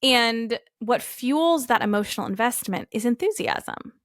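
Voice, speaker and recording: A woman's voice: a little high, animated, unhurried, fairly bright tone, dry recording, clean studio sound. A woman in her thirties hosting a casual solo podcast, upbeat and chatty, often acting out what her family says. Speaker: podcast host.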